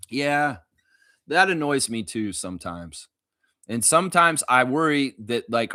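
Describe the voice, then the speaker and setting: A man from Canada hosting a casual fan live stream, reading viewer comments aloud and reacting loudly, with a lot of swearing. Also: mid-range voice, dry recording, studio quality. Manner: loud, animated, swears freely, reads viewer comments aloud.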